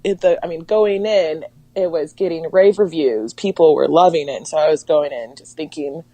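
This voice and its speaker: Woman guest on a podcast, lowish voice, dry close sound, giggly and playful. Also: moderate pace, dark tone, no room sound, poor audio. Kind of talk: casual chat about movies.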